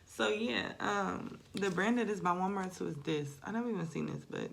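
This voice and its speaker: A woman's voice: mid-range voice, normal speed, creaky, hardly any pauses, slight background noise. A woman, talking through a casual, rambling confessional monologue, swearing freely. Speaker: spiritual vlogger.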